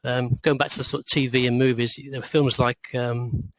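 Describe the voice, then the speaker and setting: A man in his sixties from rural England, an author answering interview questions in a hesitant way, with many pauses and restarts. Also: mid-range voice, little pitch movement, no echo, rough recording. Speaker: author, guest.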